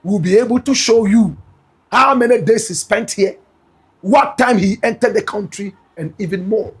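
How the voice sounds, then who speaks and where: Husky and high-pitched at a moderate pace, this Ghanaian-accented man dramatizes gossip news for his listeners. Speaking emphatically and directly to them, he keeps addressing them as "my brother, my sister".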